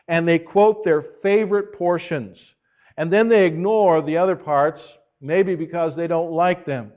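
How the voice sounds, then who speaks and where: A male pastor preaching a sermon with earnest, emphatic pauses. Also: fairly high pitch, muffled recording.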